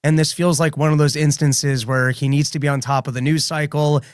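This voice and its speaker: Fairly high-voiced man co-host, dry sound. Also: flat delivery, brisk, clean tone, no room sound. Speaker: podcast co-host, comedian. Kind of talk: casual political commentary.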